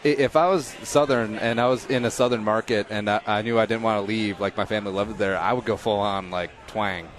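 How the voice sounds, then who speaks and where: A man in his thirties hosting a casual interview, joking and self-deprecating with quick asides. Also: on the low side, steady tone. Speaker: podcast host.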